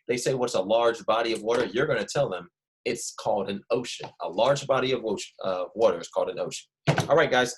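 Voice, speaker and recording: A young man teaches first graders with a slight Philadelphia accent. He speaks patiently and repeats the key words so small children can follow along. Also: medium pitch. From Philadelphia family. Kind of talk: online classroom lesson.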